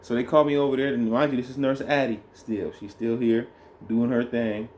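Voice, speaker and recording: A man telling a birth story in a relaxed, rambling way, co-hosting a casual chat with his partner. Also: medium pitch, a little fast, slight background noise. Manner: rambling, animated when retelling. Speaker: co-host, new father.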